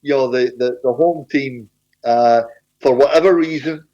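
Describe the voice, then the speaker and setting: A man's voice: medium pitch, normal speed, warm tone, highs cut off. A man talking football on a panel, rambling and repeating himself. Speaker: panel guest.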